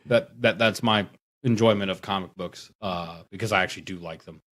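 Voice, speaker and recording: A man chatting casually on a podcast about wargaming, talking in a rambling, animated way. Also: sits low, a little fast, slight background noise. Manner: rambling, animated, mocking impressions. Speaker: podcast guest; tattoo artist.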